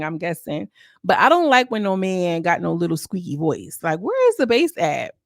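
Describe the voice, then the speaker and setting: Woman, reality TV reviewer, casual vlog recap, sassy asides, medium pitch, dry sound. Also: very animated, moderate pace, dry recording. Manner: chatty, sassy commentary with asides.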